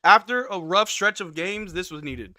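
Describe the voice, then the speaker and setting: A man hosting a live watch-along stream, calling plays and reacting loudly with hype shouts on big moments. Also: high voice, normal speed, dry recording, clean studio sound. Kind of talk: excited live game commentary.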